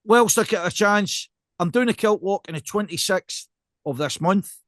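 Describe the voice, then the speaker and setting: A man's voice: sits high, normal speed, a bit bright, no room sound, studio quality. A man with a Scottish accent co-hosting a casual podcast, rambling and self-deprecating as he talks. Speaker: podcast co-host.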